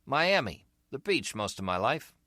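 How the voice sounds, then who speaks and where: Male narrator as a terse middle-aged American, dry wit, bright lively voice, audiobook. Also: mid-range voice, measured pace, no room sound, voice pushed up, exaggerated voice.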